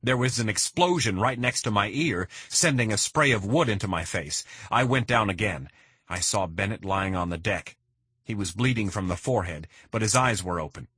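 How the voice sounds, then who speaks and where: A man narrating a first-person crime thriller in a steady, measured reading. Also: on the low side, slightly rough, dry recording. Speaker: audiobook narrator.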